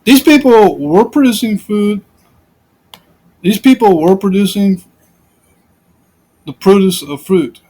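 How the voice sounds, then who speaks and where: A man's voice: high-pitched, expressive, slow pace, pauses often, warm tone, husky, low-quality recording. A man giving informal, rambling commentary on scripture, repeating himself and piling up rhetorical questions. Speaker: Bible commentator.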